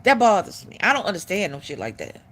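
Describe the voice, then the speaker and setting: A woman's voice: mid-range voice, huge pitch swings, fast, a bit bright, slight background noise. A middle-aged woman hosting a live stream, giving blunt, profane opinions in casual talk.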